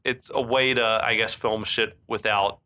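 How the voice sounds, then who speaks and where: A man's voice: lowish voice, fairly even intonation, unhurried, pushed and bright. A man co-hosting a podcast, laid-back and quippy, laughing often while talking through a film. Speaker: podcast co-host. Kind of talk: casual movie recap chat.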